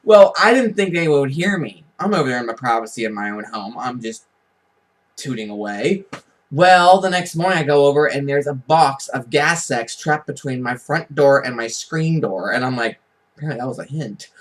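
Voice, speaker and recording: A man casually telling rambling, joking stories on a home recording, chatty and quick to laugh at his own jokes. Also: mid-range voice, low-quality recording. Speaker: vlogger. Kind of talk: casual storytelling.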